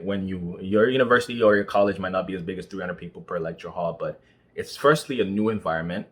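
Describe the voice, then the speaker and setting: A young man from Nigeria talking casually about student life, with lots of "you know" fillers. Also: deep voice. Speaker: vlogger. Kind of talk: casual monologue.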